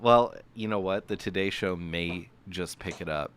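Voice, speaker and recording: A man's voice: deep voice, moderate pace, a bit bright, clear, resonant tone. A man co-hosting a podcast in casual chat, bantering wryly and laughing often. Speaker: podcast co-host.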